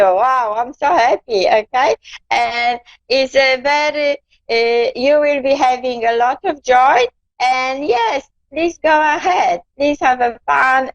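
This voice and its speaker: A woman with non-native English gives a slow, unhurried spiritual reading on a live stream, coaxing and reassuring, with frequent "okay?" tags. Her voice sits a little high. The sound is dry and slightly dull, like lo-fi stream audio. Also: dry recording. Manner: non-native English, gentle and coaxing, calls the viewer darling and keeps asking okay. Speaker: psychic card reader hosting a live stream.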